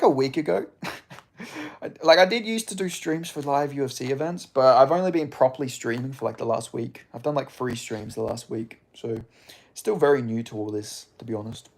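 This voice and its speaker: A man's voice: mid-range voice, brisk, vocal fry. A young Australian man streaming, chatting casually with viewers in a sweary, rambling way. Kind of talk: casual live-stream chat.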